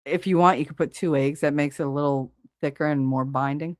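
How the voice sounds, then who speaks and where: A woman's voice: sits low, fairly even intonation, a little fast, dry recording, studio quality. A middle-aged woman hosting a live stream, chatting casually and bluntly, swearing freely while she reads viewers' comments.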